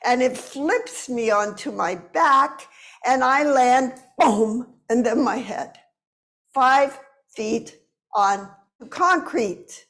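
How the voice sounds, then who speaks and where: A woman in her seventies, a movement teacher, telling a personal story slowly and expressively. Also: a little high. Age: 70s. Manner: slow, deliberate, expressive.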